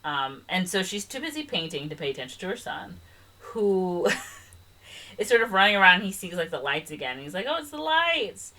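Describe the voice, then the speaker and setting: A woman's voice: on the low side, animated, fairly quick, pushed and bright. A young woman co-hosting a podcast, retelling a film in casual, rambling chat with lots of "like" and "um". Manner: chatty, rambling retelling full of "like" and "um". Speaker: podcast co-host.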